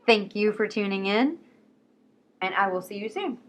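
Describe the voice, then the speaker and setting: A woman talking casually and excitedly about books, quick and swearing freely. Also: medium pitch. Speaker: book vlogger. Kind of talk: casual chat.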